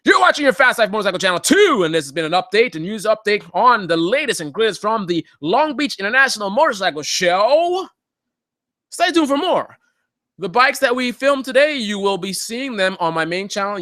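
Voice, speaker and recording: A man's voice: sits high, sharp tone, dry recording, studio quality. A man hosting a live motorcycle channel update, talking casually in a joking, rambling way with lots of fillers.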